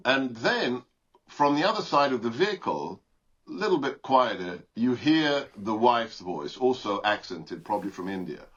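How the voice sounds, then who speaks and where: A man's voice: mid-range voice, lively intonation, moderate pace, fairly bright tone, husky, dull audio. A man from Britain, a guest giving combative, emphatic political commentary in an interview.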